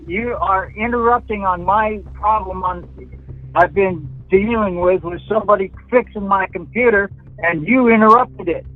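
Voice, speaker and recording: A man on a phone call playing a victim, grumbling and irritated. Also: high voice. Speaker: scambaiter posing as a victim. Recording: tinny phone line, faint music.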